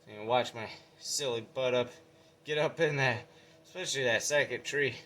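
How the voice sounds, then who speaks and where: A man's voice: medium pitch, a bit bright. A man filming a casual vlog update, out of breath and talking in a folksy, rambling way. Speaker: vlogger.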